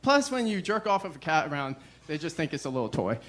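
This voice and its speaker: A young man performing a stand-up comedy set, deadpan and self-deprecating, with a weary "ugh" between jokes. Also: a little high, fast talker.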